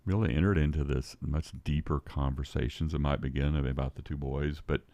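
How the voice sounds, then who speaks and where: An older man with an extremely deep voice tells a long story in casual conversation as a podcast guest. He rambles and restarts his sentences often, and the recording sounds close and dry, with no room echo. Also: steady tone, brisk, creaky, mellow.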